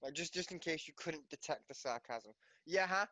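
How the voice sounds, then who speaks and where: Male game master, higher voice, dry close sound, jokey and foul-mouthed. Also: normal speed, sharp tone, no echo. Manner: joking and teasing, swears often, laughs a lot. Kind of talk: out-of-game table chat.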